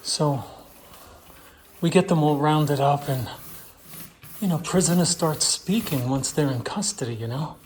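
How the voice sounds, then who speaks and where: A middle-aged man installing wallpaper, chatting casually and dropping into hushed asides as he works. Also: a little high, measured pace, pauses often, slight background noise. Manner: chatty, drifts into hushed asides while working. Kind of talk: casual how-to chat while working. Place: room being wallpapered.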